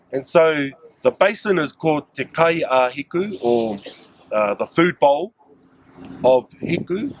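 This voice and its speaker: Outdoors, a cultural guide with a New Zealand accent leads a staff group, describing local sites and engagingly asking them frequent questions. His voice is a little high with lively intonation, he speaks slowly with long pauses, and there's slight hiss or hum.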